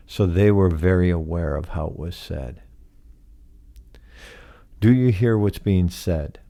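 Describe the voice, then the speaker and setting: Male podcast host, solo reflective monologue; deep, gravelly, soft-spoken, questioning. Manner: slow, soft-spoken, asks many rhetorical questions.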